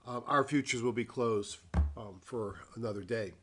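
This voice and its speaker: A man at an everyday mid pitch talks through his weekly market review, slow and unhurried. He thinks aloud, filling the gaps with ums and short pauses as he walks through charts. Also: fairly bright tone, slight background noise. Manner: reads a formal disclaimer. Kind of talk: dictated screen-share market commentary.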